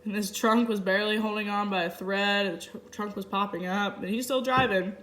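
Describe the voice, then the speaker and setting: Interpreter, woman, mid-range voice, halting first-person voicing of a signed story. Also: mid-range voice, fairly even intonation, a bit bright, slight background noise. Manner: halting, piecemeal phrasing with restarts. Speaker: sign language interpreter.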